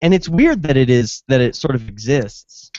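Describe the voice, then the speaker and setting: A man's voice: medium pitch, very animated, moderate pace, a little mellow. A man hosting a casual talk show, chatting, asking probing questions and reading out listener comments. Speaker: show host. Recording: dry, dull lo-fi sound.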